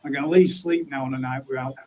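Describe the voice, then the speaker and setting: A man's voice: mid-range voice, steady tone, fast talker, mellow, poor audio. A man hosting a casual live stream, reading out viewer comments in a laddish, chatty way while getting over an illness. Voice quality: chatty and laddish, calls people mate and bud. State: recovering from illness. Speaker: host of a live pond chat stream. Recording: faint background noise.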